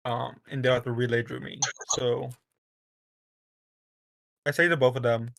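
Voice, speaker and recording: A man chats his way through a tabletop game, hesitant and often laughing as he thinks aloud. His voice sits at an ordinary middle pitch. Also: level tone, a little slow, vocal fry, a bit bright. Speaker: player. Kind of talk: tabletop game chat over a call.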